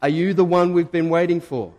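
Male pastor, slightly high voice, lively storytelling sermon, hall reverb. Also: fairly quick. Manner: animated storytelling, acting out quotes. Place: church.

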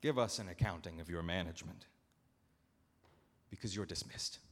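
A man's voice: low-pitched, slightly rough, voice pushed down. A man playing an angry, betrayed landowner. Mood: resigned. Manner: loud, forceful and measured in anger.

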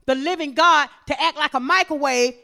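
A woman preaching, swinging from quiet talk to shouted exhortation. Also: moderate pace, creaky. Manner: impassioned, rising to shouts then dropping low.

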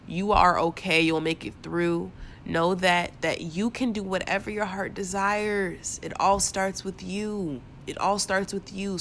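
A woman's voice: fairly low pitch, a bit bright, a little hiss or hum. A woman hosting a podcast, speaking in a spontaneous, heartfelt and repetitive way, full of casual slang, recorded alone in her bedroom with her voice cracking as she holds back tears. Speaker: podcast host. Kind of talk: spontaneous inspirational monologue.

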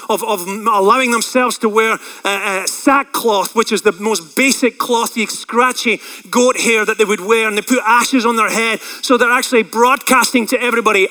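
Male pastor, sermon delivery, high ringing voice, emotional swings from shouting to hush. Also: moderate pace, rough recording. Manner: rises to loud impassioned cries on quoted prayers, drops low and quiet when reflecting; frequent fillers and restarts.

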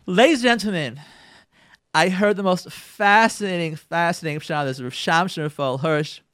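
A man giving a radio Torah talk, retelling a biblical story with dramatic emphasis and calling his listeners "ladies and gentlemen". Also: sits high, moderate pace, no echo, studio quality. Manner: repeats and restarts phrases for emphasis.

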